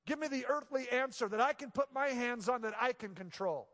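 A male pastor preaching a sermon, moving between hushed, intimate passages and loud, emphatic exclamations. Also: very high-pitched, brisk. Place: church sanctuary. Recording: long reverb of a large church hall.

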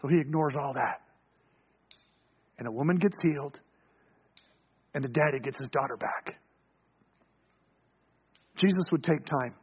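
A man with a high, husky voice preaches a storytelling sermon and acts out the voices in the story. He surges fast and loud, then drops low and hushed. The sound is dull and lo-fi.

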